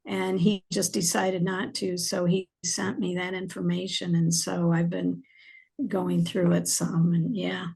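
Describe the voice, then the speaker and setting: A woman's voice: on the low side, little pitch movement, a little slow, gravelly, darkish tone, husky. A woman author as a podcast guest, chatting casually with many fillers and getting emotional as she talks. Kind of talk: casual interview chat.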